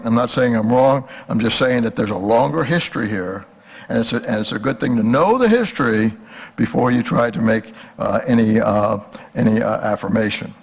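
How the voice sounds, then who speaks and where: A man's voice: medium pitch, gravelly, slightly rough. An older man giving a conversational history lecture, asking the audience rhetorical questions.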